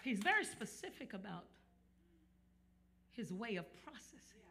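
A male pastor preaching a sermon to a live church congregation, building up to shouts and teasing the crowd into responding. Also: sits high, big pitch swings, unhurried, vocal fry, very noisy.

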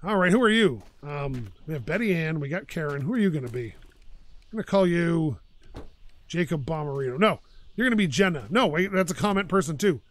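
A man's voice: a little high, lively intonation, brisk, no room sound. A man hosting his own gaming channel, chatting and ranting in an opinionated way while he plays. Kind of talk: casual gameplay commentary.

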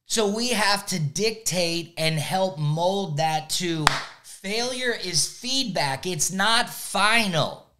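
A man who coaches youth sports, giving an energetic motivational talk and checking in with "right?" again and again. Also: high voice, slow. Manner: energetic, repeats "right?" often.

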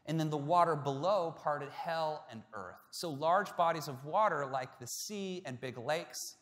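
A male pastor preaching a sermon, telling a story that swings between hushed, quiet passages and loud, emphatic peaks. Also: fairly high pitch, lively intonation, a little slow, long reverb tail.

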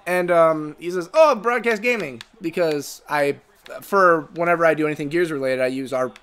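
A man's voice: a little high, steady tone, normal speed, a bit bright, smooth. A man in his twenties from the United States chatting casually while playing a video game, rambling with lots of fillers and restarts. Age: 20s. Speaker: gaming co-host. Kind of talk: casual chat over gameplay.

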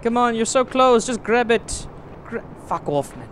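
A young man giving frustrated, swearing commentary while playing a video game, often shouting. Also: very high-pitched, expressive, unhurried, a little hiss or hum. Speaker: gaming video host.

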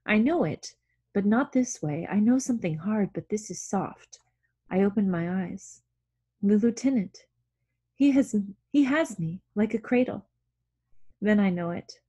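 Female audiobook reader; unhurried, hushed, slightly husky narration. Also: medium pitch. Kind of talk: reading a novel aloud.

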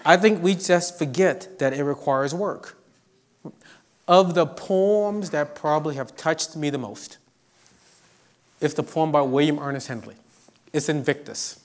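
A middle-aged male professor lecturing to students in a fairly high voice. He tells stories with energy and humor, slipping into quick mimicry of the people he describes. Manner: animated storyteller, acts out quotes. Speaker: professor giving a guest lecture. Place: university lecture.

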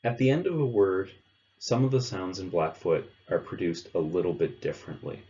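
Man, very deep voice, teacher narrating a lesson, measured and clear, slightly muffled recording. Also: mellow. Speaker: language teacher. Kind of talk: instructional narration.

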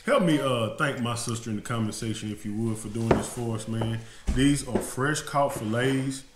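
A man who hosts a fishing channel tastes food on a casual vlog in his home kitchen, talking in a folksy, emotional way and calling his viewers y'all again and again. His voice is medium-pitched at a moderate pace. The sound is roomy and indoor, with faint background noise.

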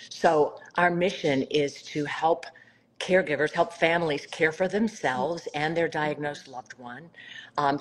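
A woman's voice: sits low, rough recording. A middle-aged woman from South Carolina, a nonprofit founder, telling her story in a heartfelt way on a live video call. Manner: warm, heartfelt storytelling with emphatic swells. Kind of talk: Instagram live conversation.

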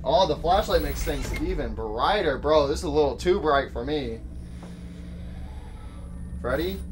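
A man giving casual gameplay commentary to his chat, excitable and joking in slang, yelping and shouting when startled. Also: fairly high pitch, unhurried, a little hiss or hum. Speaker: gaming YouTuber.

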